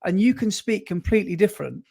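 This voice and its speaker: A man's voice: high-pitched, lively intonation, fast talker, creaky, warm tone. A man co-hosting a podcast in casual chat, rambling and stop-start, often correcting himself mid-sentence. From West Midlands, England. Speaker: podcast co-host.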